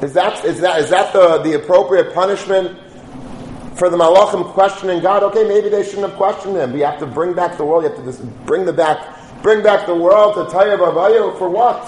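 High-voiced man giving a Torah lecture. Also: fairly quick, a little mellow, echoey room, rough recording. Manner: storytelling, rises to chanting Hebrew liturgy. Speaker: rabbi.

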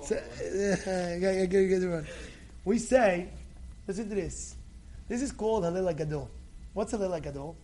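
Man, rabbi, very high voice, animated storytelling sermon, repeats himself. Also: brisk. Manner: lively storyteller, repeats words, acts out quotes. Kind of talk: storytelling Torah talk.

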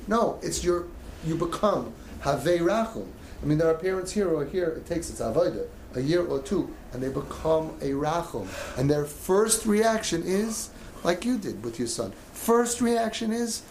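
A man's voice: fairly high pitch, expressive, normal speed, darkish tone, slight background noise. A man coaching a group of parents in an emotional talk, acting out the voices of parents and kids as he goes. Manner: passionate, acts out parents' and kids' voices. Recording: echoey room with faint ambience.

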